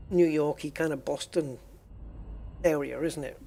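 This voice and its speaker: A man's voice: a little high, slow, warm tone. An English man streaming a game, chatting casually with viewers in a musing, hesitant way with many restarts. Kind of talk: casual livestream chat with viewers.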